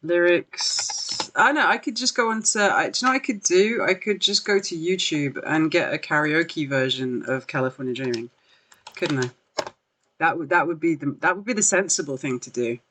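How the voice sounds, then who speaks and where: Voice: mid-range voice, moderate pace, pushed and bright, slight background noise. A podcast host chatting casually on a livestream, rambling with lots of fillers, apologizing and laughing at themselves. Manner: rambling, filler-heavy, self-deprecating laughs. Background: faint background music.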